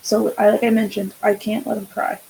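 A woman's voice: medium pitch, level tone, fairly quick, creaky, mellow, a little hiss or hum, poor audio. A woman co-hosting a casual podcast chat, speaking candidly and swearing freely as she tells stories and acts out quotes. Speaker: podcast co-host.

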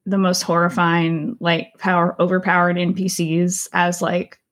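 Lowish woman on a podcast, casual, jumping in quick. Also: monotone, a bit bright. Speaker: podcast panelist. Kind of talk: casual chat.

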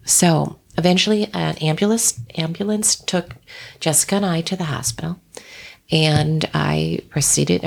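Middle-aged woman, low gravelly voice, halting and soft, slipping into whispers; interview guest. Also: steady tone. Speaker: guest, author and shaman. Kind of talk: recounting a personal tragedy in an interview.

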